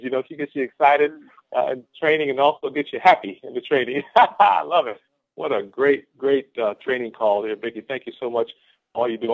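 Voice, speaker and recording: A man giving an exuberant, repetitive motivational pep talk on a conference call. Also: fairly high pitch. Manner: exuberant, repetitive, laughs often. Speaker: guest speaker on a team conference call. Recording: phone-line conference call.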